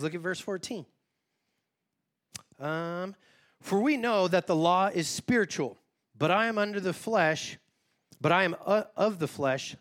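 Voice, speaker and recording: Higher-voiced man preaching casually. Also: fairly bright tone. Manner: informal, self-deprecating, talks straight to the congregation. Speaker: pastor. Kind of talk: conversational sermon.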